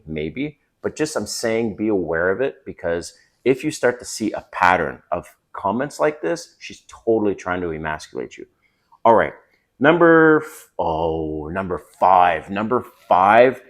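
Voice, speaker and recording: A middle-aged man with a low, deep voice gives dating advice to the camera. He talks in a casual, emphatic way and often checks in with his listener as he goes.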